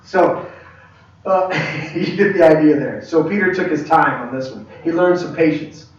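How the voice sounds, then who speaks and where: Man, church class teacher, animated storyteller, raised pitch, distant dull lo-fi sound. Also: moderate pace. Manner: animated storyteller, acts out quoted dialogue, many restarts. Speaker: pastor teaching a leadership class. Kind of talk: conversational sermon-style teaching. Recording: echoey hall, distant mic, dull lo-fi.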